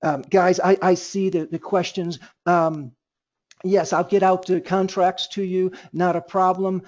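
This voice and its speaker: A man with a fairly high voice leads a sales training webinar. He talks with energy and slips into both sides of the phone calls he acts out. The sound is dull and lo-fi, like a computer mic. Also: flat delivery, unhurried, a little mellow.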